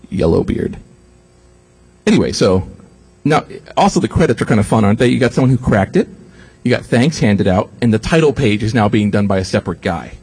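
Animated husky man lecturing, cursing. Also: fairly low pitch, quick pace. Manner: animated, sarcastic, swears freely, quotes others in mocking voices. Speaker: speaker giving a talk. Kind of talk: profane comic lecture.

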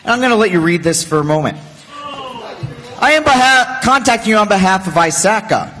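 A man's voice: high voice, very animated, fairly quick, bright, forceful tone, long reverb tail. A man on a conference panel, telling a funny story in a jokey, self-deprecating way. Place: large conference hall.

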